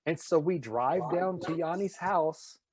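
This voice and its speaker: A man's voice: fairly high pitch, a little slow, background noise. A man from Nashville with a light Tennessee accent, a voice actor telling stories in a casual interview and slipping into impressions. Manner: animated, slips into impressions. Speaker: voice actor guest.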